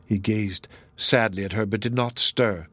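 A man narrating a classic novel in a measured, formal reading. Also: lowish voice, steady tone, a bit bright, husky, dry recording.

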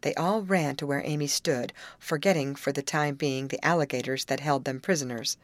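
A woman reading a children's novel aloud as scripted narration, in measured, expressive storytelling. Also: extremely low pitch, dry recording. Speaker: audiobook reader.

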